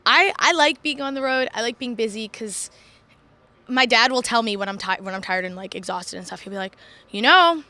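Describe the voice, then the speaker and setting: A young woman from Long Island, a professional wrestler chatting as an interview guest in an animated, laughing way. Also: fairly high pitch, fairly quick. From Long Island, New York. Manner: animated, laughing, self-deprecating. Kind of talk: casual interview chat.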